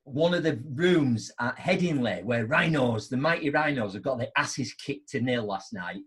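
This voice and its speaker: A middle-aged man hosts a live online show, telling anecdotes in a chatty, animated way and acting out both sides of them. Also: medium pitch, moderate pace, slightly rough. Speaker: host.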